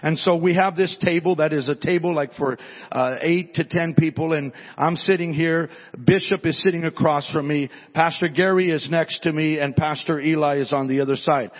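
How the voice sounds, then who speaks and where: A male pastor tells a story during his sermon, speaking at normal speed in a voice on the high side with fairly even intonation. His style is conversational, often repeating words at the start of sentences. The sound is dull, with long hall reverb.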